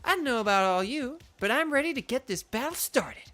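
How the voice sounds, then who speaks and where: For a game character during a playthrough, a woman performs a peppy young streamer who leads a gym, raising her pitch high above her normal range. The greetings come out brisk, showy, and melodically swooping, though her voice is a touch congested and dry.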